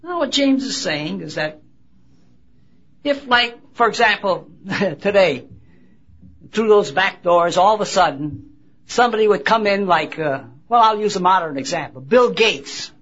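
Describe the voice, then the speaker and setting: Man, sermon, high pitched, halting and emphatic, dull lo-fi recording. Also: animated, a bit bright. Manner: halting, restarts phrases, emphatic rises. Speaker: preacher. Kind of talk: sermon with Bible reading. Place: convention gathering.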